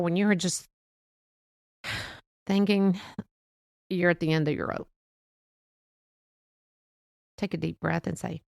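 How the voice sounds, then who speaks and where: A middle-aged woman hosting a faith-based motivational talk, speaking in a gentle, reassuring and chatty way with soft laughs. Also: on the low side, takes it slowly, gravelly, long pauses, no echo, clean studio sound. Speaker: podcast host.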